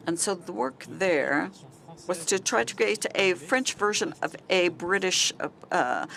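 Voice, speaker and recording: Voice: mid-range voice, a bit bright. A panelist from a regional festival association speaking at a conference panel, hesitant, with many fillers and restarts.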